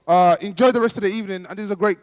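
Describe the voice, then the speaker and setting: A man's voice: high-pitched, very fast. A man performing stand-up comedy at a charity dinner, telling playful stories and laughing along. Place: large dinner hall. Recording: long hall reverb.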